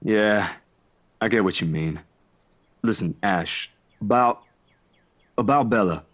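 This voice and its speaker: A wry, half-awake young man with a low, sleepy drawl, as a man puts him on while reading a game aloud. His voice sits lower than the narrator's, heavy and slow from being woken too early. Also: fairly bright tone.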